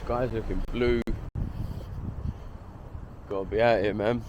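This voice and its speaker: A man's voice: lowish voice, steady tone, slow pace. A man from Essex with an Essex accent, chatting in a rambling, slangy way while walking outdoors by a harbour for his vlog. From Essex, England. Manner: rambling, slangy, full of "like" and swearing. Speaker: vlogger. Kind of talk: casual walk-and-talk vlog. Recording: loud wind noise on the mic.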